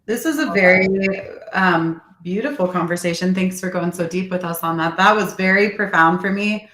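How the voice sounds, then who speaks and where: A woman co-hosting a casual podcast, responding appreciatively with soft affirmations. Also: on the low side, normal speed. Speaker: podcast co-host. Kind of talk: casual interview chat. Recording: echoey room.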